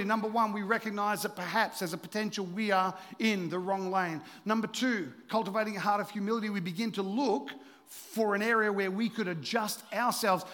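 A man preaching a sermon as pastor, joking with the congregation and sometimes dropping to a hushed voice for emphasis. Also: sits high, big-room sound. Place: church auditorium.

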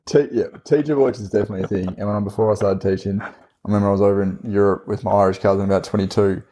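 Low mellow-voiced male teacher chatting. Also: steady tone, racing, slight background noise. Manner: reflective, explains at length in long runs. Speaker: teacher and podcast co-host. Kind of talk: casual podcast chat.

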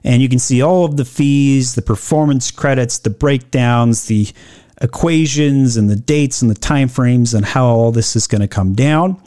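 A man giving blunt, opinionated business commentary, reading out policy lines slowly and then riffing on them with sarcasm. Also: medium pitch, warm tone. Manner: reads quoted policy text slowly, then riffs.

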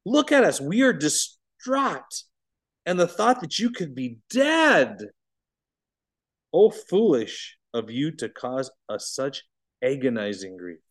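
A man voicing a distraught mother who scolds her son after searching for him, in a slow, pleading, dramatic way. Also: fairly high pitch, very animated, heavily acted.

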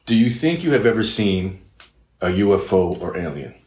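A man's voice: deep voice, very animated, normal speed, a little mellow, reverberant. A man hosting a podcast, asking short, casual questions of his guest. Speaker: podcast host. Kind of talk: casual interview.

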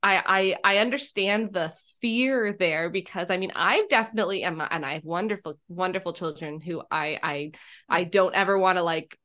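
A woman's voice: fairly low pitch, moderate pace, a bit bright. A young adult woman hosting a podcast, telling a family story in a chatty way and laughing often. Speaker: podcast host. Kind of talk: casual podcast chat.

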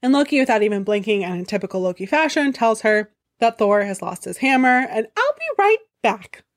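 A woman's voice: mid-range voice, brisk. A woman host telling a myth comedically, with profane, wry asides. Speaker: storyteller host. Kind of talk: comedic mythology storytelling.

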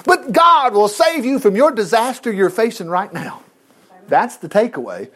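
A man's voice: high voice, big pitch swings, moderate pace, a bit bright. A man preaching a sermon, reading scripture aloud and breaking in with folksy, laughing asides and acted-out voices.

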